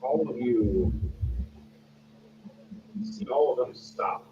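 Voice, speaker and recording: A man narrating a tabletop game as game master, relaxed and unhurried. The sound is distant and roomy, with a dull, noisy tone. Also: medium pitch.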